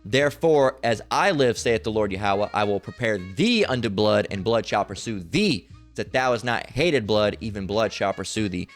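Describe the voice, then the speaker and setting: A man's voice: lowish voice, lively intonation, normal speed, few pauses, soft background music. A man giving rambling, coarse preaching commentary over a video he is playing. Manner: rambling, coarse, cursing ranter. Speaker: religious commentator.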